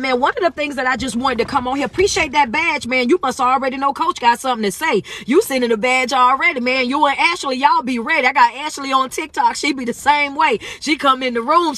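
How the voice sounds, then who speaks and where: A woman's voice: high voice, pushed and bright. A woman motivational speaker and life coach, greeting viewers and preaching in a chatty phone livestream pep talk.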